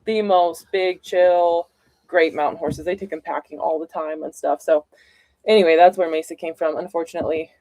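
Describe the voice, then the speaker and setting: A woman's voice: low voice, steady tone, normal speed, a little mellow, dry recording, low-quality recording. A woman co-hosting a casual livestream chat, talking chattily and correcting herself as she goes. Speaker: co-host.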